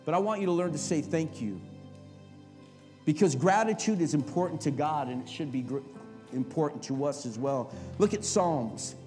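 A middle-aged male pastor preaching a sermon, swinging from quiet talk to shouted, impassioned passages. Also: a little high, lively intonation, normal speed, soft background music.

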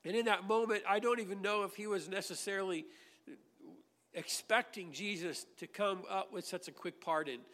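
Man, pastor, sermon, high voice, earnest, repeats words, long hall reverb. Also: normal speed, bright, forceful tone. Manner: earnest preaching with repetitions and scripture readings.

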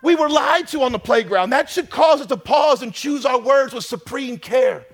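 A male pastor delivers a sermon in a fairly high voice. He preaches with emphatic force, pushing some lines out loud and letting others drop to a hush. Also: animated, normal speed. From North America.

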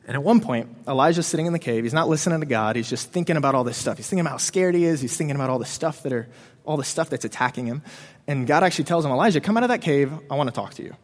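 A man's voice: a little high, racing. A man giving a casual sermon to students, retelling a Bible story in a chatty way with plenty of "um" and "you know". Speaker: preacher to students. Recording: reverberant hall.

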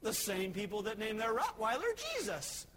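A man voicing a calm, smart-mouthed talking parrot in a told story. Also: high-pitched, normal speed, slight background noise, full character voice. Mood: deadpan.

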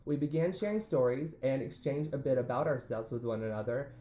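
A Southern American man co-hosting a relaxed chat show, reading stories out loud in an animated way. He is from Alabama, and his pitch sits right in the middle. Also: fairly quick, roomy sound. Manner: animated storyteller, playful voices for quotes. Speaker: podcast co-host, hairstylist.

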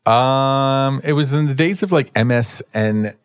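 A man's voice: mid-range voice, unhurried, clear, resonant tone, dry recording. A man co-hosting a podcast, bantering in a joking, sarcastic way from a radio studio. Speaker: podcast co-host. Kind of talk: casual chat.

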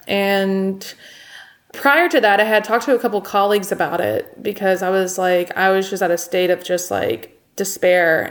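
A young woman, a guest in an interview, telling her own story in a candid, plainspoken way. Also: medium pitch. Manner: candid and plainspoken, recounting events.

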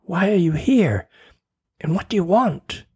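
A man's voice: sits high, animated, measured pace, warm tone, slightly rough, voice pushed up, heavily acted. A man voicing a small, anxious schoolgirl in a raised, plaintive voice. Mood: wary.

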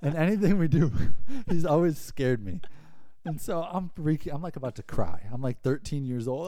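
Animated man telling stories, dry mic. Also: normal speed, no room sound. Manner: animated storyteller, squeaky voices for his younger self. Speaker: podcast co-host. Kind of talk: casual storytelling chat.

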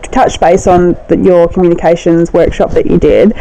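A woman's voice: fairly low pitch, level tone, moderate pace, dark tone, slight background noise, poor audio. A woman hosting a podcast, asking friendly questions of her guest. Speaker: podcast host. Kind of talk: casual podcast interview.

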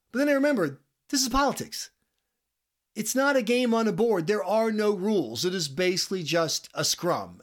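A man hosting a political podcast, talking through an animated commentary monologue with jokey, mock-exasperated asides. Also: a little high. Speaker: podcast host.

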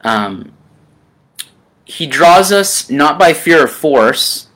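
A man delivers a sermon in a gentle, personal manner, often calling his listeners friend. His delivery is slow and drawn out, with frequent ums and pauses. His voice has a clear, bright edge. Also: a little high, lively intonation. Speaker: preacher.

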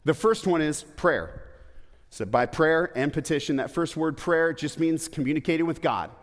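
A man with a fairly high voice preaches in a church, and his words ring out with a long hall echo. He keeps it conversational, tossing rhetorical questions to the congregation and slipping in playful asides. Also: normal speed. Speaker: pastor. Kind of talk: sermon.

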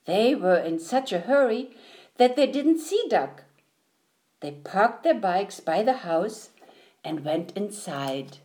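A woman reading a picture book aloud in an expressive, sing-song storytelling manner. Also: on the high side, slow pace. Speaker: storybook reader.

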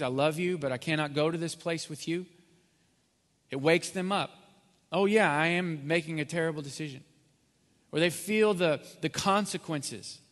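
A man preaching a sermon as pastor, rising to loud peaks and dropping to near whisper. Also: a little high. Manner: builds from quiet to loud, then drops to near whisper. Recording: long hall reverb.

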